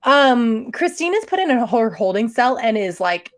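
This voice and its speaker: A woman's voice: a little high, very animated, measured pace. A woman co-hosting a podcast, telling a true-crime story in a casual, joking way and laughing often. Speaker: podcast co-host.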